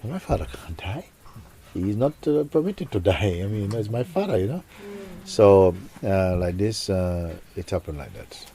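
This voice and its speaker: A male spiritual teacher tells a story to listeners in a reflective, soft-spoken manner, often dropping almost to a whisper. His voice is fairly low in pitch and very animated, at normal speed.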